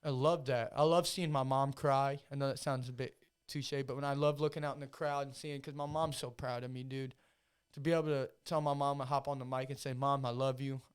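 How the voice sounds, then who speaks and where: A man's voice: medium pitch, little pitch movement, fairly quick, clear, resonant tone. A man in his twenties hosting a casual podcast chat, talking in a profane, hyped-up, rambling way. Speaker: podcast host and amateur fighter.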